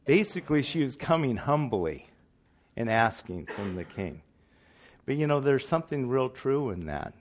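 A man's voice: medium pitch, sing-song, normal speed, a little hiss or hum. A man preaching a sermon in earnest, emphatic style, asking his listeners questions.

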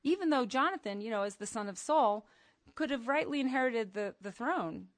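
A middle-aged woman preaching to a women's gathering, emphatic and animated, moving from soft asides to loud outbursts. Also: on the high side, normal speed, no room sound. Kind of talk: sermon.

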